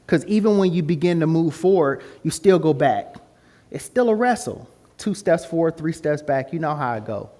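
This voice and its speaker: A man giving a testimony talk to a student group, telling his story in a casual way and acting out the voices in it. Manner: animated storytelling, acts out voices with high pitch jumps; casual, informal grammar. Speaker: guest speaker.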